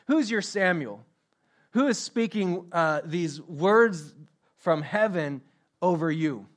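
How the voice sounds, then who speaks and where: A man's voice: high-pitched, lively intonation, slow. A man preaching a sermon as pastor, emphatic, repeating his questions and joking about himself. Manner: self-deprecating humor.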